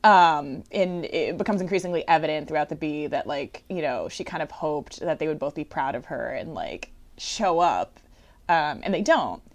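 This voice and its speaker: A woman in casual conversation, chatty and animated, filling her talk with "like" and quoting characters. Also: low voice, normal speed. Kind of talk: casual chat about a musical.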